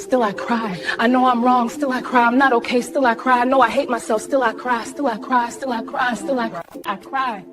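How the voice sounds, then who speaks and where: A bitter, sobbing single woman chants her complaints over and over in a comedy skit, played by a woman. Her voice sits high and keeps returning to the same crying refrain. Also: natural voice.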